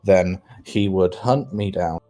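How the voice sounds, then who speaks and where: A man voicing a male con artist who drops a posh act for an Irish accent, slow and halting. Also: low-pitched, dark tone, a little hiss or hum. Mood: confessional.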